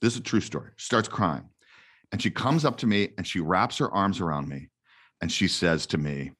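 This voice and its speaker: A man talking as a guest on an interview show, telling stories in a lively, self-correcting way. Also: moderate pace, slightly rough. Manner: animated storyteller, self-correcting, jumps to a high voice. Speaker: guest actor promoting a book. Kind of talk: casual interview chat.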